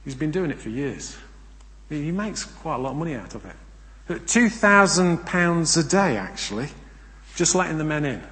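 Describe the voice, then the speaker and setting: A man preaching a sermon, emphatic, asking rhetorical questions and swinging between loud and hushed delivery. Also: a little high, big pitch swings, normal speed. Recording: long reverb of a large hall.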